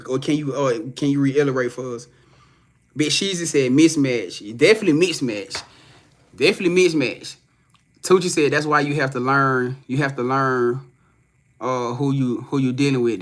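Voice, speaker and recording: A man's voice: a little high, fairly bright tone. A young man chatting casually on a live stream as a psychic reader, loose and profane, rambling with many restarts and reading out viewers' comments.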